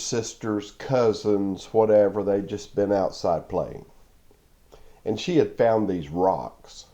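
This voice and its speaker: A man's voice: fairly low pitch, mellow. A man giving a devotional talk, telling a parable with emphatic repeats and laughs. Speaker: Christian video preacher.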